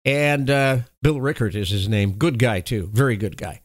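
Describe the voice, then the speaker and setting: A man's voice: medium pitch, moderate pace, no room sound. A man giving opinionated commentary on political news, reading reports and adding wry, sarcastic asides. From Texas.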